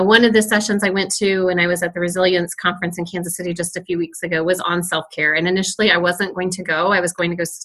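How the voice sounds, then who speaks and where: A woman's voice: on the low side, a bit bright. A middle-aged woman, a school principal, answering interview questions in an earnest storytelling way with frequent laughs.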